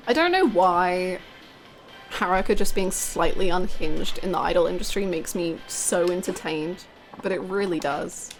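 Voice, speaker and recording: A woman's voice: on the low side, lively intonation, unhurried, faint music behind. A young woman live streaming a video game, chatting casually with her viewers, laughing often and swearing freely. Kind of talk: casual gaming stream chat.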